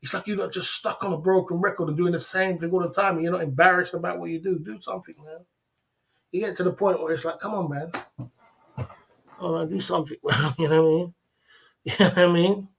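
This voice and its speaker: A man's voice: sits high, steady tone, quick pace, creaky, a bit bright. A middle-aged man, hosting a livestream and lecturing his viewers bluntly in a casual, repetitive way. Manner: blunt and lecturing, repeats "you know what I'm saying". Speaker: livestream host.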